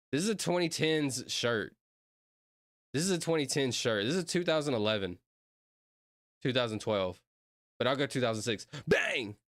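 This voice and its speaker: Excitable guy with lively pitch. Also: no echo, clean studio sound. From Southern United States. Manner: excitable, rambling, sudden shouted outbursts. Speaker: streamer reacting to videos. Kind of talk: casual reaction commentary.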